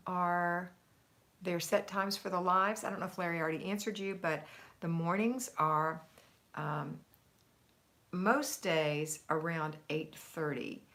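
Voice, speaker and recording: A woman's voice: fairly low pitch, a bit bright. A middle-aged woman with a Southern US accent, hosting a casual live stream, chatty and easily sidetracked, laughing often as she reads out viewer comments. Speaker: homemaking livestream host.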